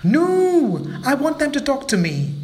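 A sulky, lazy little male monkey whines and pleads in a high storybook voice, as a man puts him on. The voice leaps far above a man's usual range and swings up and down with every plea. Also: wildly swooping pitch, unhurried, a little hiss or hum, full character voice. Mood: whiny.

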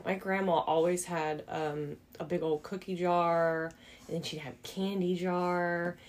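A woman's voice: on the low side, level tone, unhurried, slight background noise. A woman co-hosting a podcast in chatty, enthusiastic, slightly rambling casual talk. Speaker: podcast co-host. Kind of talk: casual chat.

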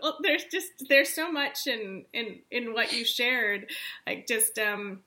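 A woman's voice: on the high side, animated, slow pace, crowd noise. A woman hosting an interview, affirming her guest and asking reflective questions. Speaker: interview host.

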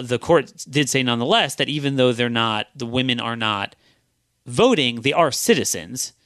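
A man's voice: medium pitch, fairly bright tone, dry recording. Emphatic man making a podcast argument, dry sound. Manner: emphatic, argumentative, reads out legal quotes. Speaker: podcast host. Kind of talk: solo podcast commentary.

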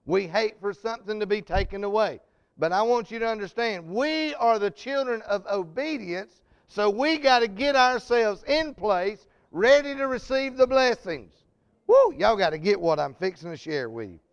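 A man preaching a fervent sermon, calling out to the congregation and building to shouted peaks. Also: high-pitched, animated, moderate pace, smooth, dull audio.

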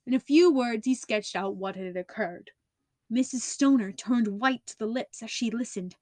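A woman narrating a classic story as an audiobook reader, in an even, clear storytelling voice. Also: fairly high pitch, moderate pace, no echo. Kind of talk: scripted narration.

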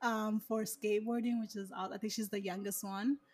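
A woman's voice: mid-range voice, steady tone, fairly quick, a crowd in the background. A woman chatting casually, rambling with lots of "like" and "you know". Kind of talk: casual chat.

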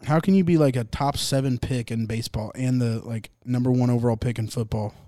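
A man's voice: medium pitch, brisk, mellow, no room sound, studio quality. A young man hosting a laid-back sports podcast, rambling, joking and swearing as he reacts to games. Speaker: podcast host. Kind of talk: casual sports chat.

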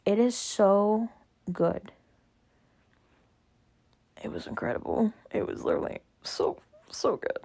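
A young woman vlogging in a casual chat, gushing and talking quickly with lots of "like" and "literally", jumping higher and louder when she acts out quotes. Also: vocal fry. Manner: gushing, chatty, fillers like "like" and "literally".

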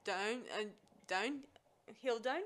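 A woman's voice: on the high side, takes it slowly, a little hiss or hum. A woman recapping a film scene by scene in casual chat, enthusiastic and rambling, with many fillers and restarts.

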